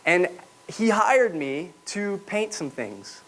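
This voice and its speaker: A man's voice: sits high, sing-song, slow, a bit bright. A man giving a personal testimony talk at a podium to a live audience, telling his story reflectively and now and then asking the audience questions. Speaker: public speaker. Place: room with an audience, speaking at a podium.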